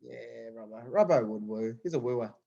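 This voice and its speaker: A man, a stand-up comedian guest, dropping quick wisecracks in casual chat. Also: mid-range voice, lively intonation, dark tone. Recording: dull lo-fi sound.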